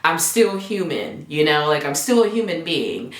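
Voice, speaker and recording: A young woman spins a casual storytime for her vlog, chatty and animated, slipping into the voices of people she quotes. Her voice sits a little low for a woman, and the room around her rings with echo. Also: moderate pace. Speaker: vlogger. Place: home apartment. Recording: echoey room.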